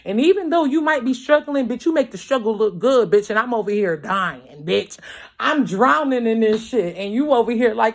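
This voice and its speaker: This tarot reader has a fairly high voice with lively intonation and a moderate pace. A young adult to middle-aged mother, she reads cards casually at home late at night, blunt and emphatic, with plenty of swearing. "You feel me" comes up again and again as she checks in with viewers, and she gets louder when worked up.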